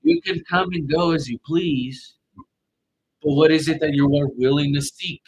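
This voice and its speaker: A man's voice: a little high, measured pace, slight background noise, low-quality recording. A man giving a casual online tarot reading, blunt and profane, with loose, rambling phrasing. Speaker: tarot reader.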